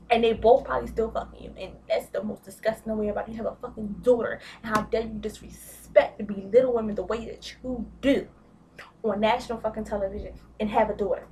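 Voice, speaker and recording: Woman, vlogger, heated profane rant, slangy, higher voice, distant mic. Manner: slang-heavy speech. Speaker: vlogger reviewing a reality show. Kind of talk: casual ranting review. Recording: distant mic with faint background noise.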